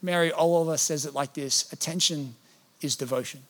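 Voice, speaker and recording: A man's voice: a little high, moderate pace. A man, preaching a sermon as a pastor, earnest, and at times acting out prayers in a pleading voice. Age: 30s.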